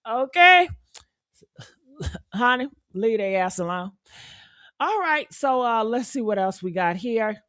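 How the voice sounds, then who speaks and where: Sassy, blunt woman commentator, slightly high. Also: expressive, slow, long pauses, a bit bright, no echo, studio quality. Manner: sassy, blunt, profane, preachy. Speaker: commentary host. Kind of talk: reaction commentary.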